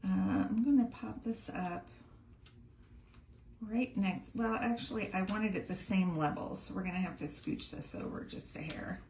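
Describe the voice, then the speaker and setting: A woman's voice: medium pitch, measured pace, gravelly, darkish tone, roomy sound, slight background noise, low-quality recording. A woman teaching a card-making tutorial in a chatty, enthusiastic way, gushing over the details as she works. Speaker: crafting instructor.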